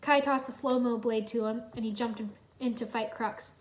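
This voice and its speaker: A woman's voice: fairly high pitch, fairly even intonation, moderate pace. A woman reading a fan story aloud in plain storytelling narration. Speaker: reader. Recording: roomy echo.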